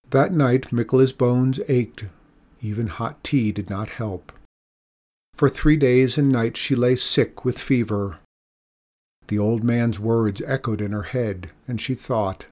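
A man reading a children's story aloud in a measured, expressive way. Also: mid-range voice.

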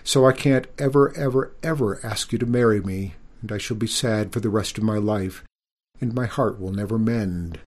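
A man's voice: fairly low pitch, normal speed, natural voice. A man doing a polite, hapless young prince. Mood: sad.

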